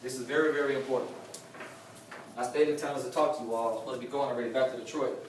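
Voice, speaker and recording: A man's voice: medium pitch, level tone, rapid-fire. A man giving a motivational talk at a sales meeting, preachy, repeating his key lines for emphasis. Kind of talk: live motivational talk to a room. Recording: distant echoey room with faint noise.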